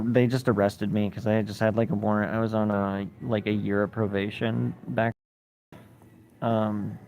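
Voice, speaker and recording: A man's voice: lowish voice, gravelly, darkish tone, slight background noise. A man livestreaming, telling a story in casual chat and reading viewer comments, blunt and swearing a lot. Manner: blunt, heavy swearing, rambling.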